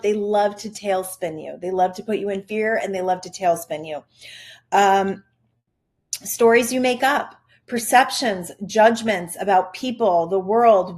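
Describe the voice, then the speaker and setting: A woman's voice: mid-range voice, darkish tone. A middle-aged woman hosting a parenting podcast, giving an upbeat, chatty motivational talk aimed straight at the listener. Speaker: podcast host, parenting coach. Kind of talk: casual motivational monologue.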